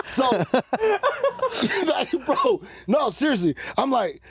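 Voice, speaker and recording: A man telling stories as a podcast guest, animated and profane, laughing often as he talks. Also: sits high, moderate pace, slightly rough, no room sound. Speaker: guest cutman. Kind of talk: casual podcast storytelling.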